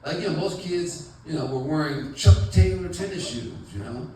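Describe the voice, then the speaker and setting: Chatty male stand-up comic, lively voice. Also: a little high, normal speed, very echoey, distant mic, slight background noise, low-quality recording. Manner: rambling, chatty, many fillers. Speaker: stand-up comedian. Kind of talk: stand-up comedy set. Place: comedy club stage with audience. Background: audience laughter.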